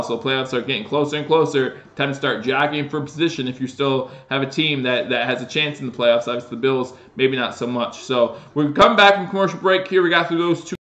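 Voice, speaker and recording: On his live stream, a man with a mid-range voice calls a football game play by play, sounding reverberant. He keeps it casual, with fillers and restarts, and gets more excited as big plays happen.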